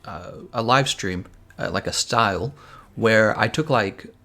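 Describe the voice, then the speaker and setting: A man's voice: fairly low pitch, unhurried, pushed and bright. A man streaming a game live, rambling as he thinks aloud and answers viewers' chat messages. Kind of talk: casual live-stream chat while gaming.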